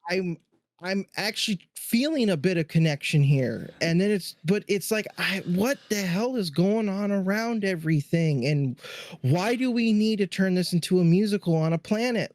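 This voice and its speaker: A man's voice: high-pitched, lively intonation, normal speed, darkish tone. A man co-hosting a podcast, reviewing a movie in casual chat, trailing off and restarting mid-thought. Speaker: podcast co-host.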